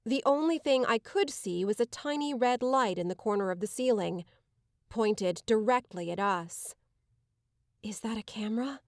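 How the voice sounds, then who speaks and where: A woman giving measured, dramatic first-person narration of an audiobook. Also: on the high side, no echo, clean studio sound.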